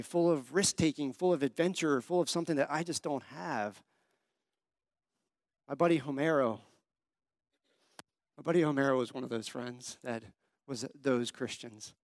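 Conversational male pastor, bright and dry. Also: fairly high pitch, no echo. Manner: conversational storytelling, asks the congregation questions. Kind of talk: sermon.

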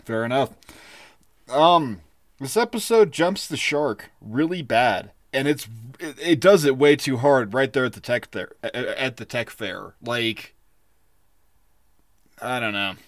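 A man's voice: medium pitch, expressive, unhurried, no room sound, studio quality. A man co-hosting a podcast in casual chat, ranting with lots of swearing and breaking into giggles. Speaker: podcast co-host.

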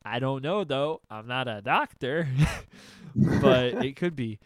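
A man's voice: medium pitch, lively intonation, slow pace, dry recording. A young man telling a funny story in casual chat, acting out his friends' voices and laughing often.

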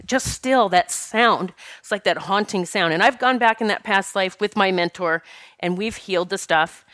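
A woman's voice: medium pitch, bright, forceful tone, dry recording, clean studio sound. A woman, a spiritual teacher and medium, telling a personal story earnestly and emotionally, often stopping and restarting her sentences.

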